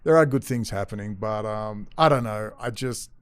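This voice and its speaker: A man's voice: lowish voice, moderate pace, clear, resonant tone. Heated, sarcastic man ranting. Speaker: host. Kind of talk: profane ranting commentary.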